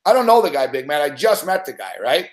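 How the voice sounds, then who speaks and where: A man's voice: on the high side, sing-song, quick pace. A middle-aged man telling a long anecdote in casual chat, rambling and swearing constantly. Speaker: sports betting show regular. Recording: roomy echo.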